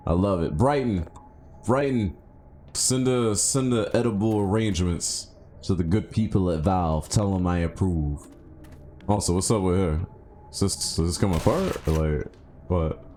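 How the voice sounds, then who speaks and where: A male gaming streamer with a very low voice talks through his play in a loose, casual way. He muses out loud and jumps into excited yelps. A faint hiss sits under the recording. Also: a little slow. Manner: chatty, thinks aloud, bursts into excited yelps. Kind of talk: casual live gameplay commentary.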